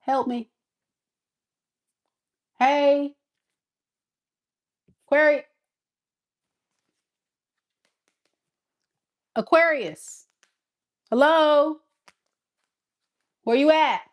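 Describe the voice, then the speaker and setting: A woman's voice: medium pitch, measured pace, dark tone, husky. A woman voicing a panicked ex-partner calling a phone that nobody answers, frantic and muttering.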